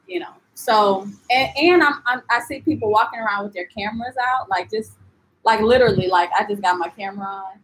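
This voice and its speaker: A young woman chatting casually in a live-stream travel vlog, animated and full of "like" and "you know", answering viewers as she goes. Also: mid-range voice, a little fast, a little hiss or hum, low-quality recording. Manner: reads and answers viewer comments. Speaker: travel vlogger.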